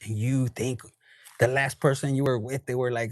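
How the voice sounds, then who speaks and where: A man giving a casual, animated tarot reading straight to camera, swearing freely and dropping into quoted voices and bits of Spanish. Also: mid-range voice, normal speed, no echo, clean studio sound. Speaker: tarot reader.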